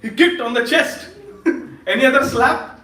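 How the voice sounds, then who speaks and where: A man giving a lively storytelling sermon at a temple feast, laughing often and quizzing his audience. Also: very high voice, a little slow, faint music behind. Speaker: speaker at a temple Sunday feast. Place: temple hall. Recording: echoey hall, distant mic.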